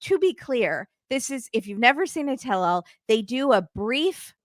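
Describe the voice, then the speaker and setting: A woman hosting a casual recap chat, telling the story with lively acted-out quotes and free swearing. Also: on the high side, normal speed, no room sound, studio quality. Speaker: podcast host.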